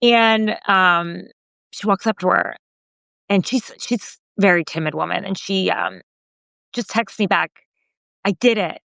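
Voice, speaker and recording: A woman podcast host and journalist recounting a story in casual conversation, animated and full of fillers, raising her voice when quoting others. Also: a little slow, vocal fry, no echo. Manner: animated retelling, voicing quoted remarks higher, frequent fillers.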